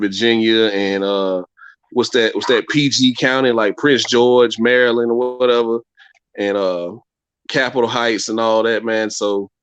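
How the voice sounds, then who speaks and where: A man with a fairly low voice talks sports in a loose, easygoing way. He keeps circling back and repeating his words as he thinks aloud. The sound is close and dry, with no room around it. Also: a bit bright, dry recording, lo-fi sound. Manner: laid-back, repeats and restarts phrases. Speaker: podcast co-host. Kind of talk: casual sports chat.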